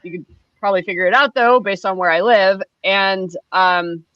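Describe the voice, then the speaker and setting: A woman guest, a percussionist, talking in a chatty, lively way in a casual conversation. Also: medium pitch, moderate pace, no room sound. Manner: chatty and lively, many fillers. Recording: slightly dull lo-fi sound.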